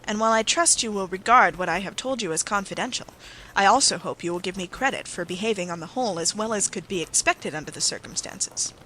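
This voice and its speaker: A bitter, earnest Victorian secretary, read out by an audiobook narrator, speaking with solemn intensity in a bright, forceful tone. A faint hiss of noise sits under the voice. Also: medium pitch, fast talker, hardly any pauses, lightly acted, low-quality recording. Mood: guarded. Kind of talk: audiobook character reading.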